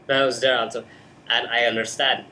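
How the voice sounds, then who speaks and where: A man's voice: medium pitch, little pitch movement, a little fast, pushed and bright. A young man talking casually about a film into a webcam in his bedroom, hyper and jokey. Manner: hyper, jokey, breaks into silly put-on voices. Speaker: host. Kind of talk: casual movie chat.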